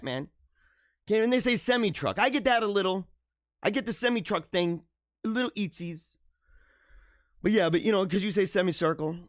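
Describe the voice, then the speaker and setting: A man's voice: on the high side, no room sound, clean studio sound. A man hosting a live show, chatting loosely, reading out viewer comments and laughing often, with lots of "dude" and "man". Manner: animated, laughing, slangy ("dude", "bro", "man"). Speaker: livestream show host.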